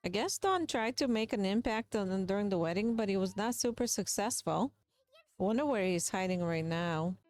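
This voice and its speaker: A young adult woman hosts a gaming video, speaking into a close mic with chatty, playful, gossipy commentary. Her voice is mid-range and darkish, with no echo.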